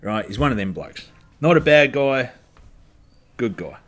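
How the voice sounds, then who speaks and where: A man's voice: medium pitch, animated, measured pace, fairly bright tone. An Australian man, a stand-up comedian, telling a story in a casual monologue, blunt and heavily profane, ranting in exasperation.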